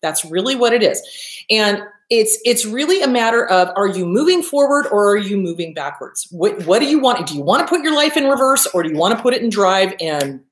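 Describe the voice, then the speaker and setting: Woman therapist-host, brash and emphatic, lively high voice, roomy echo. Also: brisk. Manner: blunt, emphatic, swears freely, acts out quotes. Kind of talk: direct self-help talk to camera.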